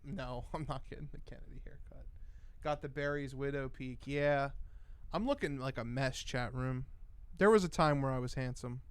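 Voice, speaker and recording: A man's voice: mid-range voice, moderate pace, clear, resonant tone, no echo. A young man hosting a casual late-night livestream, reading chat aloud and rambling with plenty of swearing. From Cuban. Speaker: livestream host.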